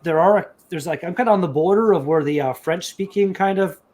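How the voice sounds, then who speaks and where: A Canadian man in casual live-stream chat, his voice sitting a little high. He rambles and restarts, leaning on fillers as he explains things. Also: brisk, darkish tone. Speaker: chat participant.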